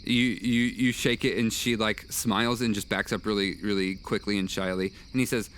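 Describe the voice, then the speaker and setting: Man narrating as game master, halting. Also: on the low side, level tone, a bit bright, a little hiss or hum. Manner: halting, with many uh and restarts.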